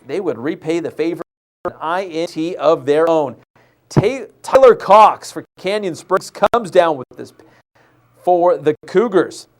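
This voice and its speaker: A man with a slightly higher-pitched voice hosts a live high school football show from a studio. He talks loosely over the highlights, joking with the crew and fumbling the odd name. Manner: loose and chatty, jokes with crew, stumbles on names.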